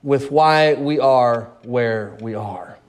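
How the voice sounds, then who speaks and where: A man's voice: mid-range voice, takes it slowly. A man preaching a sermon in an impassioned, pleading way, repeating words and building to outbursts.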